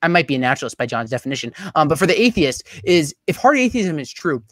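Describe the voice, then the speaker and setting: A young man giving a debate closing statement over a video call, talking rapidly with many fillers and restarts. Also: fairly high pitch, very animated, fairly bright tone, dry recording. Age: young adult.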